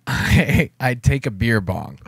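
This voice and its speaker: A man talking in casual chat, reflective and rambling, with halting restarts. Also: medium pitch, expressive, gravelly, heavy background noise. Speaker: podcast co-host.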